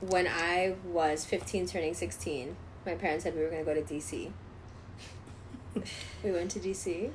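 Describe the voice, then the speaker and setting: A woman's voice: fairly low pitch, normal speed, long pauses, a little hiss or hum. A young adult woman telling a story in casual chat, swearing freely and acting out what others said. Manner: animated, swears freely, acts out quoted voices.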